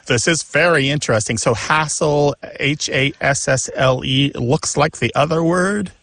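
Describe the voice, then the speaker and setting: A man's voice: fairly high pitch, fairly bright tone, no room sound. A man hosting a radio show about language, friendly and joking, asking callers clarifying questions. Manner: friendly, quick to joke, asks clarifying questions. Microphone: studio microphone.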